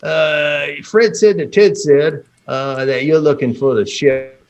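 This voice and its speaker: A man's voice: fairly high pitch, fairly even intonation, takes it slowly, a little mellow, dull audio. A man voicing a folksy, self-important male minister who drawls and calls the players "you boys.". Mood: earnest.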